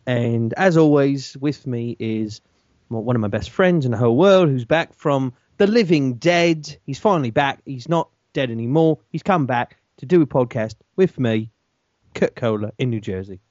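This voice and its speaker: A man's voice: mid-range voice, lively intonation, moderate pace, a little mellow, no echo, muffled recording. A man hosting a casual podcast, joking and teasing his co-host through a loose intro. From West Coast of the United States. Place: home studio in San Diego.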